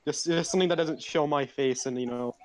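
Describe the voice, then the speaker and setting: A man's voice: fairly high pitch, fairly quick. A man taking part in a tabletop game, speaking in a hesitant, stammering way. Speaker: player. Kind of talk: casual tabletop play.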